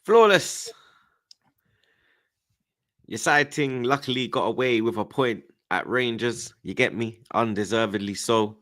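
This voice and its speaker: A man's voice: mid-range voice, moderate pace, few pauses, a bit bright. A man hosting a casual football chat, slangy and teasing. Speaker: host.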